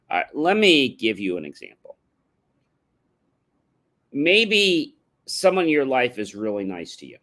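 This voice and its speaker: During a livestream, a motivational speaker addresses viewers directly and with emphasis, now and then chanting catchphrases. He has a medium-pitched, slightly bright voice.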